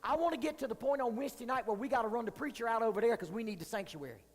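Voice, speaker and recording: A man's voice: very high-pitched, racing. A man preaching as a youth pastor, joking and candid with the young crowd. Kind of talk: sermon. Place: church hall. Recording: long hall reverb.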